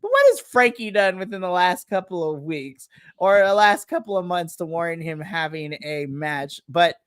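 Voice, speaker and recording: A woman co-hosting a live podcast, recapping wrestling in a dramatic, animated storytelling way over a remote call mic. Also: on the low side, normal speed, no echo, clean studio sound. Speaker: podcast co-host. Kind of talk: casual wrestling recap chat. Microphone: remote live-stream call mic.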